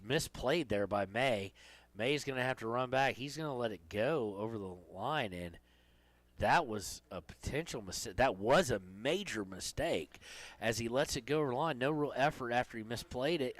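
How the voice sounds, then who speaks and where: A man calling play-by-play for a high school soccer game, chatty and joking between plays. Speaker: play-by-play commentator.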